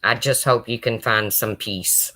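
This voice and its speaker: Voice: mid-range voice, steady tone, measured pace, pushed and bright. A livestream host talking emotionally to viewers and answering chat, close to tears. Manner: emotional, talks straight to viewers.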